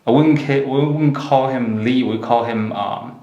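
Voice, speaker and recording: Brief: Chinese-accented male host, mid pitch, unhurried and searching for words, echoey room. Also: dark tone, muffled recording. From China. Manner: hesitant, frequent fillers and laughs. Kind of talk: casual chat. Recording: roomy echo.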